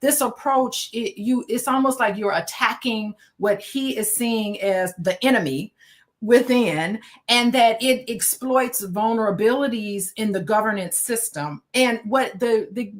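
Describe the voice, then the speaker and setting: A woman speaks as an invited expert on a panel, her voice slightly high. She lays out her points step by step like a lecturer, pausing on fillers as she gathers her thoughts. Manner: measured, lecturing explanation with fillers. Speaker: panel guest, doctor. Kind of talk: explanatory panel talk.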